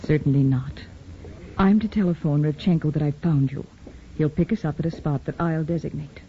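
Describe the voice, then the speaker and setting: A man's voice: a little high, moderate pace, a little hiss or hum, lightly acted. A performer voicing a terse, guarded female spy in an old radio drama. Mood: cool. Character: cool, secretive female party agent. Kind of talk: 1950s radio drama acting. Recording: dull lo-fi old radio recording.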